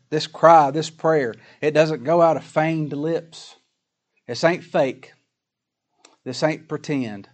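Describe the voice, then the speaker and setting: A man preaching a sermon, folksy and plain-spoken, full of rhetorical questions, reading scripture slowly and with weight. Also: mid-range voice. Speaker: pastor.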